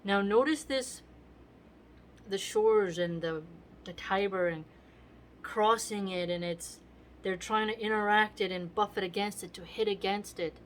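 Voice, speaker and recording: A woman's voice: mid-range voice, a little slow, slight background noise. Chatty woman explaining a play. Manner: conversational, asks "right?" often. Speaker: literature teacher.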